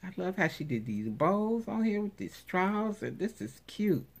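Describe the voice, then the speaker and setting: A woman's voice: mid-range voice, sing-song, unhurried, gravelly. A woman vlogger unboxing craft supplies in casual commentary, gushing and exclaiming over each item. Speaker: craft vlogger showing giveaway prize.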